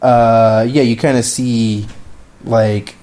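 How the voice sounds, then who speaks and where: Rambling man with a dark, mellow voice. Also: mid-range voice, steady tone, slow. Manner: rambling, many restarts and fillers. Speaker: podcast co-host. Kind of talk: casual film discussion.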